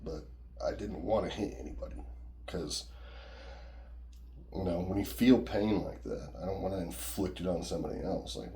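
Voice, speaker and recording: A man's voice: low-pitched, a little mellow. A man casually telling a personal story in a rambling, profane, conversational way.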